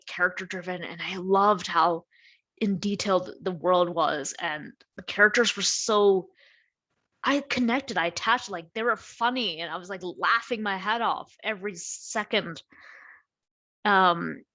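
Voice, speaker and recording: A woman's voice: medium pitch, a bit bright. A young adult woman chatting casually about her favorite authors, rambling with lots of fillers and restarts. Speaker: book vlogger and aspiring writer. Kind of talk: casual chat to camera.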